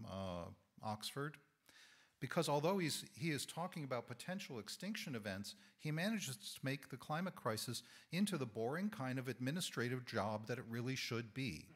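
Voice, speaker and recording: Hoarse man, lay preacher; thoughtful, measured sermon delivery. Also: medium pitch, a bit bright. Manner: thoughtful, measured, with small self-corrections. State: hoarse, losing his voice. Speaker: lay speaker giving a sermon. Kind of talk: reflective sermon talk. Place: church sanctuary.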